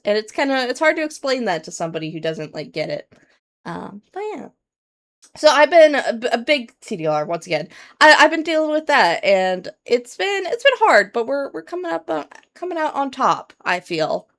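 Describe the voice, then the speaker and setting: A woman's voice: sits high, huge pitch swings, moderate pace. A woman streamer chatting casually to her viewers, rambling with many fillers and restarts, earnest and candid.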